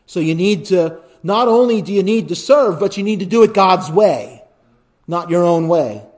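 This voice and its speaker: High-voiced preacher swinging from hush to shout. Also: male voice, lively intonation, moderate pace. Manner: building to loud emphatic repetitions, then dropping to quiet pleading; asks the congregation "right?". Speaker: pastor. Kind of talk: sermon.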